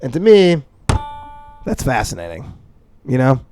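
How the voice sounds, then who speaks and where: A young man from the upper Midwest of the United States co-hosts a podcast in a mid-range voice with wildly swooping pitch, speaking unhurriedly and mellowly. His rambling comedic chat is mock-serious and full of swearing, with slight background noise.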